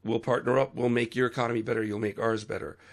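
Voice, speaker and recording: A man's voice: medium pitch, flat delivery, quick pace. A man hosting a solo podcast, talking in an earnest, preachy monologue that rises suddenly for emphasis and trails off into fillers. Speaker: podcast host.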